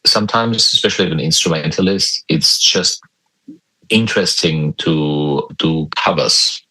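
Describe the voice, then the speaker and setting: A man as a podcast guest, chatting casually in a joking, halting way with many restarts. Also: rumbling low, bright, forceful tone, slightly rough, no echo, poor audio. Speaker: guest guitarist. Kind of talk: casual interview chat.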